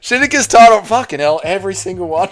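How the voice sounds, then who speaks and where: A young Australian man with an Australian accent hosting a live stream, reading chat messages aloud and answering with blunt, jokey, foul-mouthed banter. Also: high voice. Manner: blunt, jokey, swears freely, calls people mate and brother.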